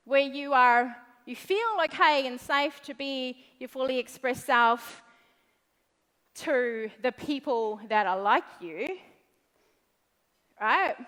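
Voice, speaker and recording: This high-pitched woman, with a fairly bright tone and a New Zealand accent, is a motivational speaker at an event. Her talk is blunt, profane and playful, recorded with long hall reverb.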